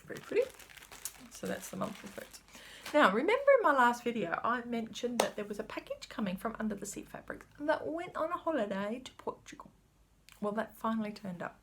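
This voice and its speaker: A woman's voice: fairly high pitch, expressive, fairly quick, background noise. A woman, chatting casually as she shows her cross-stitch supplies, rambling a little and sometimes dropping to a whisper. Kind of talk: casual chat showing craft supplies.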